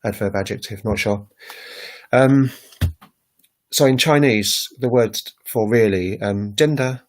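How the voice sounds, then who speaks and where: A man with a fairly low voice talks unscripted on a livestream about learning languages. He pauses often with filler sounds and voices example words aloud to show how they rise and fall. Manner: demonstrates tones by voicing example words. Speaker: language-learning channel host. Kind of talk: casual livestream explanation.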